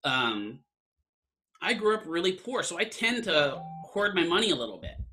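A man's voice: sits high, very animated, normal speed, sharp tone, soft background music. A man lecturing an online class in a casual, conversational way, often checking in with "right?". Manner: conversational, keeps asking "right?".

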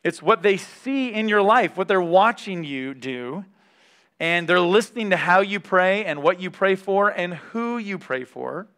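A man's voice: high-pitched, expressive, unhurried, a bit bright, smooth. A man giving a conversational Bible teaching, reading scripture aloud and stopping to comment candidly. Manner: candid, reads scripture aloud between remarks.

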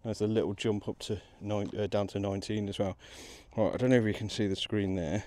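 A man with a Midlands accent, out of breath, chatting excitedly to the camera outdoors while metal detecting in a field. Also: on the low side, a little fast. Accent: English Midlands. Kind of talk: casual outdoor commentary.

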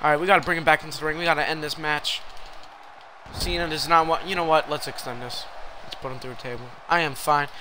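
A young man giving live commentary while he plays a wrestling video game, reacting loudly to every turn. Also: on the high side, fairly even intonation, fast talker, background noise. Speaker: game streamer.

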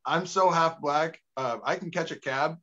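A man's voice: on the high side, moderate pace, a bit bright. A man doing a stand-up set in a small bar, laughing at his own jokes and acting out voices. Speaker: stand-up comedian. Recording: dull lo-fi club recording.

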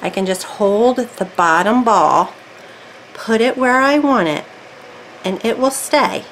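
A woman's voice: fairly high pitch, animated, takes it slowly, a bit bright, low-quality recording. Woman, casual craft tutorial, rambling self-talk while working, faint background noise. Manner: chatty, self-talking while working, thinks aloud. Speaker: craft video creator.

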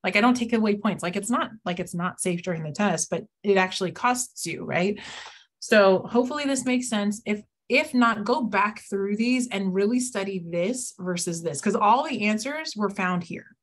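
A woman's voice: mid-range voice, moderate pace. A woman math teacher leading a live classroom lesson, playful and teasing, often acting out her students' reactions.

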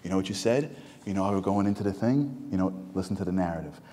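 A man's voice: low voice, expressive, fast, warm tone. A man delivering an impassioned sermon as a rabbi in a synagogue hall, firing off emphatic rhetorical questions. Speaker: rabbi giving a lecture. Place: synagogue hall with live audience. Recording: reverberant hall sound.

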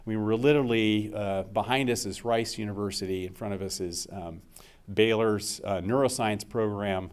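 A man's voice: lowish voice, moderate pace, clean tone. A middle-aged man giving a scientific seminar talk as the invited speaker, conversational and full of uh and um fillers.

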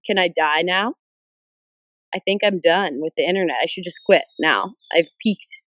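A young woman in her twenties with a bit of a cold, chatting excitedly on a livestream and answering viewer comments. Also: lowish voice, normal speed, no room sound. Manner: bubbly, excitable, jumps between viewer shoutouts. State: stuffed up with a cold. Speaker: livestream host. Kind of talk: casual livestream chat reading comments. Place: in a car. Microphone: phone camera.

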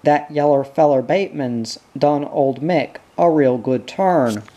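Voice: mid-range voice, a little slow, dark tone, lo-fi sound, lightly acted. A reader doing a chatty, blunt ambulance bearer. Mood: gossipy. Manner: casual, gossipy.

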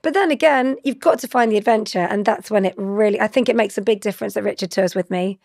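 A chatty woman in her forties with a gravelly, fry-tinged voice. She talks animatedly and laughs easily. She is recorded close on a dry studio mic. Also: medium pitch, quick pace, darkish tone, no echo. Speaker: guest. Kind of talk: conversational interview.

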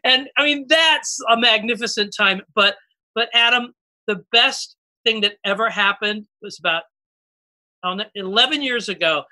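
A man's voice: high-pitched, moderate pace. A man, a voice actor, telling stories in casual chat and acting out the voices. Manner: animated, acts out quotes. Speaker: voice actor and stage performer.

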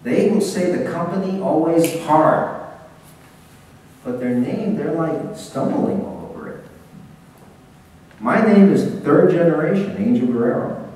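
A man giving a lively business seminar talk, speaking directly to his audience and pushing his voice out. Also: a little high, unhurried, pauses often, a little hiss or hum. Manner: animated, projecting, talks straight to the audience. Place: seminar hall. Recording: echoey hall, taped from far off.

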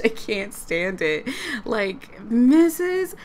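A woman casually narrating her life-sim game play, excited and giggly. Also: a little high, slow, slight background noise. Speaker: let's play creator.

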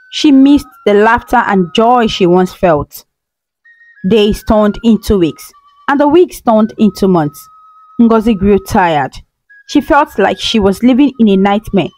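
A woman's voice: mid-range voice, darkish tone, low-quality recording. Earnest woman narrating a folktale. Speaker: storyteller.

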